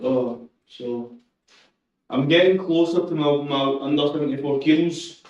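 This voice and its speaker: A streamer preparing for a powerlifting meet talks casually to his live audience as he trains, relaxed and occasionally cursing. His voice runs a bit high and a little slow. A camera-mounted shotgun mic placed away from him gives echoey, distant, muffled lo-fi sound.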